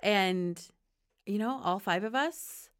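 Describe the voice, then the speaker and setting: A woman's voice: mid-range voice, slow, clear, resonant tone. A woman guest on a faith talk show telling her personal testimony in an earnest, conversational way, often laughing and acting out quoted dialogue.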